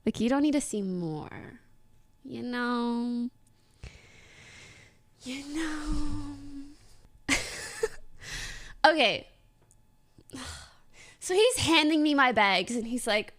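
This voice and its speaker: A young woman streamer telling a story in casual chat to her viewers, giggling often and talking in an animated way. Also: fairly high pitch, extremely slow, pauses often.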